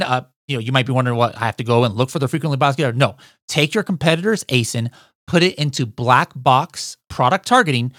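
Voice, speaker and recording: A man hosting a podcast, giving an energetic how-to talk to listeners he keeps calling guys. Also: mid-range voice, no room sound, studio quality. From United States. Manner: energetic, addresses listeners as guys, frequent "all right?". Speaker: podcast host.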